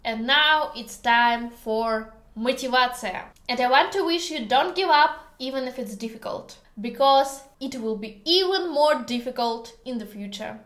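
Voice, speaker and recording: A woman with a Russian accent teaches in a casual video lesson, her high voice moving at a slow, careful pace. She pauses often, jokes along the way, and the kitchen adds a clear echo. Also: fairly bright tone. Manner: slow, careful, hesitant English with many pauses; playful, joking. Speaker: language teacher. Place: home kitchen. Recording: echoey kitchen room.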